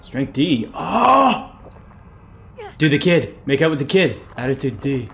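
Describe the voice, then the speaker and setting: A young man streaming a game live, reacting excitably, swearing and laughing at what happens on screen. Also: mid-range voice, normal speed, a little hiss or hum. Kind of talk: live gameplay commentary.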